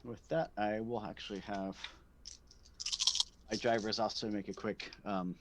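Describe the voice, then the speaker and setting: A man narrating as game master of a tabletop role-playing game, speaking haltingly with many ums and restarts. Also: on the low side, fairly even intonation, very noisy.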